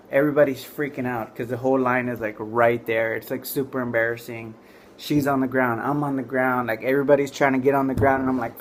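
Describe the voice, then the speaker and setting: A man's voice: medium pitch, fairly even intonation, brisk, a little hiss or hum. A man telling a comic story to camera, rambling and full of "like" and "you know". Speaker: comedian storyteller.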